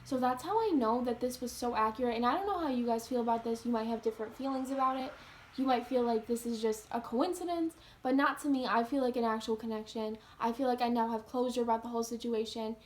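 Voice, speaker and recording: Brief: young woman vlogger, high voice, earnest, chatty, lots of "like". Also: fast talker, slight background noise. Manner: earnest, heavy use of "like". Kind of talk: casual storytelling to camera.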